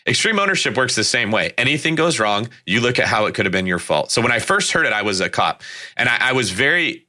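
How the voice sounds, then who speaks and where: A former police officer in a casual podcast conversation, telling animated anecdotes about his work. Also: mid-range voice, fast talker.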